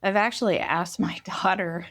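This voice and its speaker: A woman co-hosting a casual podcast chat, telling stories in an animated way and laughing as she talks. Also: lowish voice, moderate pace. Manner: animated storyteller, laughs while talking. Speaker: podcast co-host.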